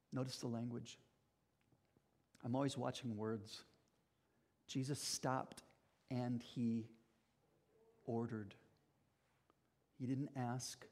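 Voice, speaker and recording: A man's voice: mid-range voice, a little mellow. A man preaching a sermon as pastor, earnest and emphatic, speaking directly to his congregation.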